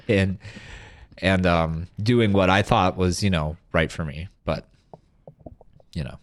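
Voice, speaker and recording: A man co-hosting a casual recovery podcast, talking reflectively with many pauses and fillers. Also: sits low. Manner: reflective, hesitant, trailing fillers. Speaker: podcast co-host. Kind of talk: casual chat.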